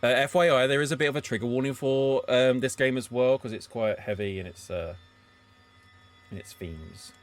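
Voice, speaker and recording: A man's voice: medium pitch, normal speed. A man streaming a story game, reacting aloud with chatty asides to his viewers. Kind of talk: casual game playthrough commentary.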